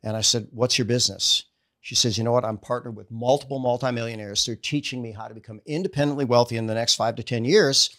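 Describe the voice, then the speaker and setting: A middle-aged man, a chiropractor, telling stories in a casual interview and acting out the dialogue with sudden jumps in his voice. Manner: animated storyteller acting out dialogue with quick pitch jumps. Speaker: guest, chiropractor and network marketer.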